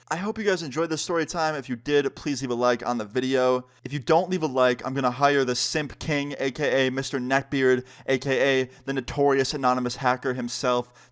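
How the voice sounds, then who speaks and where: A man's voice: medium pitch, smooth. A man telling a story time on his vlog, casual and joking, swearing freely. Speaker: vlogger.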